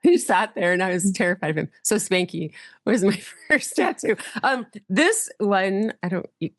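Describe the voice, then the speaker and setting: A middle-aged woman pastor, a guest on a podcast, telling stories in a lively way and acting out the voices of people in them. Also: medium pitch, moderate pace, no room sound, clean studio sound. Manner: lively storyteller, acts out quoted voices. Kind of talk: casual storytelling interview.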